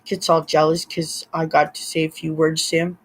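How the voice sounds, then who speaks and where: A man's voice: fairly high pitch, completely flat delivery, normal speed, husky. A man, rambling through a personal story and laughing often between remarks. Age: 50s. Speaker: vlogger.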